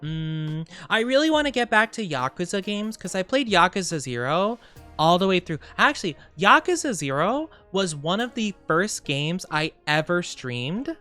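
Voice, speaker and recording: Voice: mid-range voice, sing-song, normal speed, sharp tone, soft background music. A live streamer in casual chat with viewers, rambling and thinking aloud with lots of fillers.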